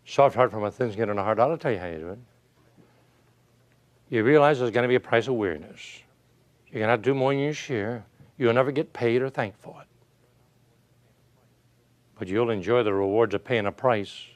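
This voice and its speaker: Here an older man gives a spirited motivational speech in a mid-range voice, fairly quick yet with frequent pauses. Folksy tales, little chuckles and rhetorical questions to the audience fill his delivery.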